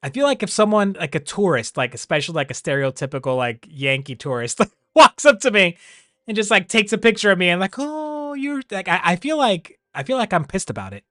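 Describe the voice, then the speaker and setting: A man chatting casually on a livestream, rambling and animated, often laughing. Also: high-pitched, fairly quick, no echo, clean studio sound. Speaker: streamer.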